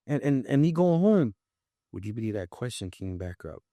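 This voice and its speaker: A man's voice: medium pitch, normal speed, dry recording. A young man with a New York accent, telling his story as a podcast guest and acting out the voices of others. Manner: animated, acts out quoted voices. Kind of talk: casual storytelling.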